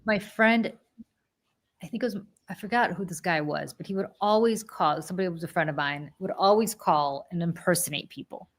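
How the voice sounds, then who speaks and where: A woman in her forties with a slightly low voice, co-hosting a chat podcast. She tells stories in an animated, rambling way, full of fillers and quick restarts. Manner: animated storyteller, many fillers and self-corrections. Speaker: podcast co-host. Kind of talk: casual storytelling chat.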